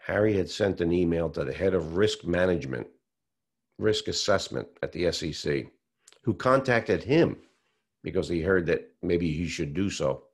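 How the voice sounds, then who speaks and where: Man, low voice, gravelly, storytelling interview, animated retelling. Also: normal speed. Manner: animated storyteller who acts out quotes. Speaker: whistleblower telling his story.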